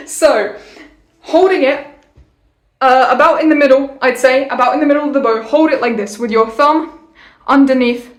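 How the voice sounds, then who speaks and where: A woman's voice: sits high, moderate pace, pauses often. A woman giving a casual violin lesson in a playful, jokey way, with theatrical asides. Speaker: violin teacher. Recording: roomy echo.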